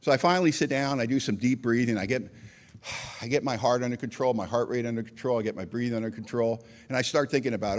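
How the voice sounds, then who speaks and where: A man sharing his recovery story at a meeting, self-mocking and acting out scenes, swinging between loud outbursts and quiet reflection. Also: mid-range voice, fast talker, long reverb tail. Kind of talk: animated storytelling talk.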